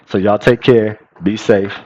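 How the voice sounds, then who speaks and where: A man's voice: on the low side, a little slow, highs cut off. A young man hosting his own channel, giving blunt, profane, slang-heavy market commentary straight to his viewers. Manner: profane, blunt and animated, slangy with "bro" and "y'all". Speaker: crypto channel host.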